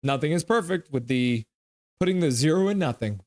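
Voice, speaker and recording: A man's voice: fairly high pitch, lively intonation, a little fast, darkish tone, dry recording. A man streaming a live hockey game reaction, reading chat messages aloud and teasing viewers in a playful, jokey way.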